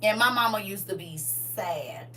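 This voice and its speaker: A woman of about forty telling stories from her past in a casual, animated way, full of slang and laughter. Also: mid-range voice, a little slow, distant mic, a little hiss or hum. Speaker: livestream co-host. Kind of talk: casual storytelling chat.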